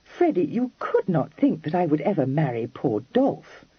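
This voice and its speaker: A man's voice: on the high side, very animated, moderate pace, slightly rough, dry recording, voice pushed up, full character voice. A man putting on a pleading young Regency lady. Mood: earnest. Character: earnest young Regency lady, impulsive and anxious. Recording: dry, dull lo-fi recording.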